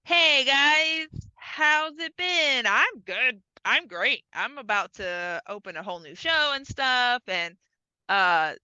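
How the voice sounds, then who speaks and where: A woman's voice: lively intonation, slow, sharp tone, clean tone, no room sound, poor audio. A woman co-hosting a podcast, casually retelling a film's scenes and acting out the characters. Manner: acts out characters, drops low for men. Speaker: podcast co-host. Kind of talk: casual chat recapping a film.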